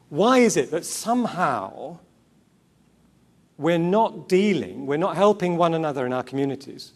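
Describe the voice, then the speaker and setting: A man's voice: on the high side, darkish tone. Earnest man preaching with rhetorical questions. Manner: earnest, rhetorical questions, repeats key words; quick asides and self-corrections. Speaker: conference speaker. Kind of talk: sermon-style talk to a Christian gathering.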